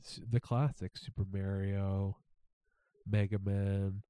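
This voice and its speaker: A man's voice: sits low, level tone, slow, warm tone, smooth. A man guesting on a podcast, giving short, laid-back answers in casual chat.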